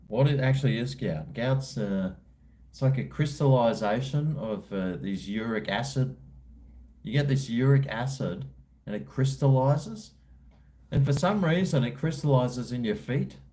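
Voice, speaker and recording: A man's voice: mid-range voice, expressive, a little slow, mellow. An Australian man hosting a live stream, chatting casually with viewers in a rambling, slangy, laid-back way. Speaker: livestream host.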